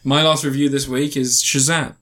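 A man's voice: medium pitch, flat delivery, normal speed, a bit bright. A man co-hosting a casual podcast and reviewing films, rambling and cutting himself off with crude jokes. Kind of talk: casual chat, film review.

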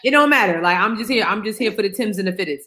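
A woman's voice: medium pitch, lively intonation, racing, noisy background. A woman co-hosting a podcast in casual chat, emphatic and slangy, repeating her punchlines for effect. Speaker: podcast co-host.

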